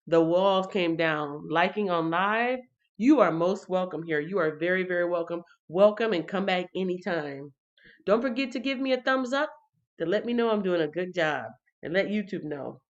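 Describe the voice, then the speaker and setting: A woman reads and chats through a casual livestream Bible reading, speaking straight to her viewers. Her voice sits a little low. The sound is dull and lo-fi, like a home livestream mic. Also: lively intonation, moderate pace. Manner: chatty, talks straight to chat viewers. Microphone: computer or phone mic on a livestream.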